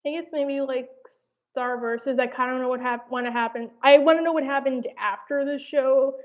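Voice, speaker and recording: On a livestream, a young woman from New Jersey who hosts an animation commentary channel chats at normal speed in a high-pitched, steady voice. She's hesitant and rambling, with plenty of "like" and "I don't know," slightly breathless, heard through tinny phone-like audio.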